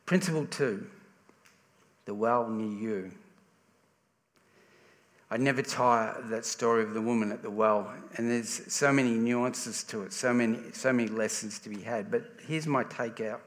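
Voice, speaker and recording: A man's voice: medium pitch, steady tone, normal speed. Australian man preaching in a reverberant hall. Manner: conversational, with frequent restarts. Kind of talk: sermon.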